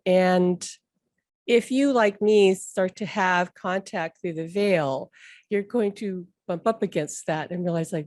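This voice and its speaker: A woman's voice: on the low side, takes it slowly, a little mellow, no room sound, clean studio sound. A woman hosting a casual spoken talk, rambling and chatty, laughing often and peppering her speech with "like". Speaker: host.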